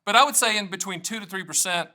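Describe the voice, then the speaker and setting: A man's voice: sits high, fast, bright, forceful tone. A middle-aged American man hosting a solo video, playful and self-mocking, switching between jokes and explanation. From United States. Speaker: annuity agent and show host. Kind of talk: energetic solo video monologue to camera.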